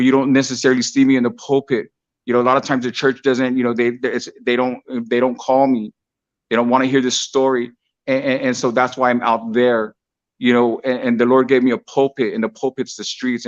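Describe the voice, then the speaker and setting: A man's voice: mid-range voice, highs cut off. A man telling his conversion story as a street preacher, earnest and preacherly, repeating phrases for emphasis. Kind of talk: testimony storytelling.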